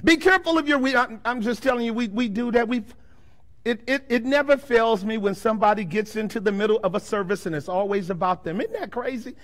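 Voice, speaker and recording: A man preaching a sermon as pastor, firing rhetorical questions at his congregation and swinging between loud declarations and quiet, slow passages. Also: extremely high pitch.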